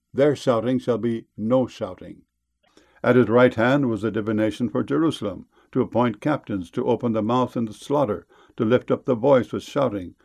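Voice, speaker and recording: Gravelly man reading scripture. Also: mid-range voice, darkish tone. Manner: measured solemn reading.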